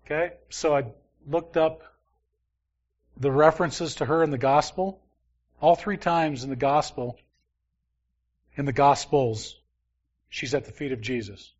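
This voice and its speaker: A man's voice: fairly high pitch, unhurried, long pauses, darkish tone, muffled recording. A man teaching a Bible study in a conversational way, often asking his listeners questions and reading from scripture. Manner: conversational, asks the class questions.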